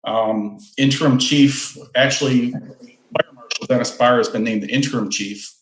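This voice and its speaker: A middle-aged man, a fire chief, giving an unhurried, earnest safety report at a city meeting. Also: mid-range voice, fairly even intonation. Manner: plain-spoken, earnest, unhurried. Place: council meeting room. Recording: echoey meeting room.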